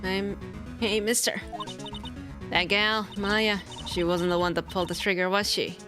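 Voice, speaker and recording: A woman's voice: mid-range voice, level tone, measured pace, lightly acted. A woman voicing a brash, nosy Southern photographer with a put-on Southern accent, over game music. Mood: folksy. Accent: attempted Southern US.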